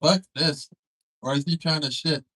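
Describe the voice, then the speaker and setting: A man's voice: on the high side, fairly even intonation, moderate pace, bright, forceful tone, breathy edge, rough recording. A man hosting a comedy show on a club stage, doing loose, profane crowd work and teasing the audience.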